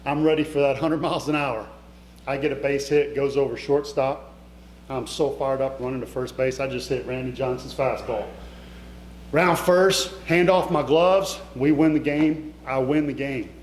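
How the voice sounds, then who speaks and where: A man's voice: mid-range voice, steady tone, normal speed. Middle-aged male keynote speaker, heartfelt storyteller, talks right at the crowd; roomy hall with a faint hum. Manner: emotional, conversational, addresses the audience directly. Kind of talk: motivational storytelling speech. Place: event hall before a live audience.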